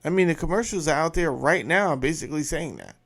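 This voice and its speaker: A male show host with a gravelly, fry-laden voice, ranting in a blunt, profane and emphatic way. His delivery is casual commentary, loose and forceful in its points. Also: on the high side, a little fast.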